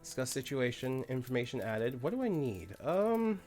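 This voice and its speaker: A man's voice: medium pitch, sing-song, normal speed, darkish tone, faint music behind. A man chatting casually on a live game stream, swearing freely and barking orders at the game characters. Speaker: streamer playing a colony sim game.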